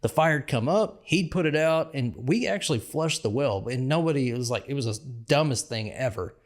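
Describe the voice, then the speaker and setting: A man's voice: mid-range voice, expressive, a little fast. A man co-hosting a casual podcast, telling a work story in a laid-back way. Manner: laid-back, easygoing, with fillers and restarts. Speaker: podcast co-host, former frac field worker.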